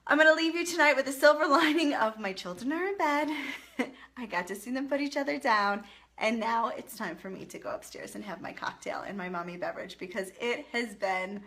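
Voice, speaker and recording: A woman's voice: medium pitch, sharp tone. A woman in her thirties, a parenting vlogger chatting casually and encouragingly to viewers on a live stream. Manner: chatty, encouraging, reads viewer comments aloud.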